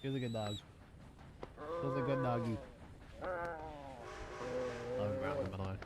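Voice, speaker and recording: A young man streaming a game from his room, chatting in a flat, monotone way and restarting his sentences, with the mic pressed close to his mouth. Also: medium pitch, measured pace. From Australia. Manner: self-described monotone, rambling with many restarts. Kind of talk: casual live-stream chat. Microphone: desk mic held very close to the mouth. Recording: noisy stream audio with game sounds.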